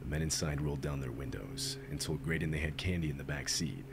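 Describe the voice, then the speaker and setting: Deep gravelly man, scripted narration. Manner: measured, factual. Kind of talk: scripted news-style narration. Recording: noisy played-back video audio.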